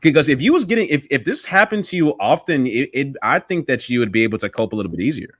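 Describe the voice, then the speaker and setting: A man's voice: medium pitch, expressive, fast, fairly bright tone, no room sound. A man in a casual chat, earnestly telling a relatable story in the second person, with frequent restarts.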